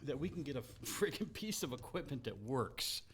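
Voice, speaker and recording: A man's voice: mid-range voice, sing-song, normal speed, a little hiss or hum. A man co-hosting a casual live-streamed podcast on a headset mic, joking and grumbling about his gear. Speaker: podcast co-host.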